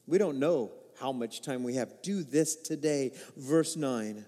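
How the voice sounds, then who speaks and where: A man preaching a sermon, swinging between loud emphatic lines and quiet low asides, and acting out the quoted lines in other voices. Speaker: pastor. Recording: reverberant hall.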